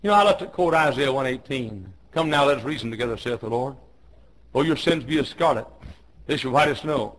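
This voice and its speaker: A man in his fifties preaching a fiery sermon in a church, swinging from hushed low tones to shouted commands he hammers home again and again. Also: expressive, a little fast, low-quality recording. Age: 50s. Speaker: pastor. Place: church auditorium.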